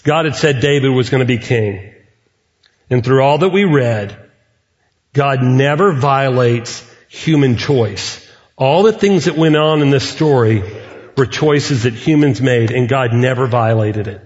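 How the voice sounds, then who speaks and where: A middle-aged man preaching a sermon as a pastor, earnest and deliberate, with measured pauses. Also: mid-range voice, darkish tone. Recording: reverberant hall, muffled sound.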